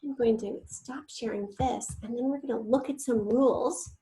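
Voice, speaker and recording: A woman's voice: a little high, normal speed, mellow, low-quality recording. A woman teacher giving an online spelling lesson, patiently sounding out words syllable by syllable and sometimes whispering the letters.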